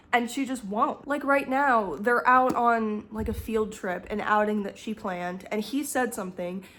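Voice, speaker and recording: A young woman ranting in a casual reading vlog, exasperated and laughing. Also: medium pitch. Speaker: book vlogger.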